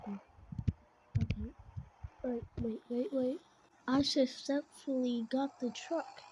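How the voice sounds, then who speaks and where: Woman gamer, high voice, fake Kentucky drawl, slow-talking, excitable, hiss in the recording. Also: highs cut off. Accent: put-on Kentucky accent. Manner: excitable, chatty, breaking into whispers. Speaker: game commentator. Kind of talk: playing a farm game with role-play commentary.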